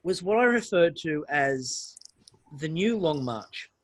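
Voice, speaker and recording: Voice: mid-range voice, slow, no echo. A podcast co-host, chatting casually and jokingly retelling scenes from a baking show. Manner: animated, jokey, retells scenes in quoted voices. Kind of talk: casual chat.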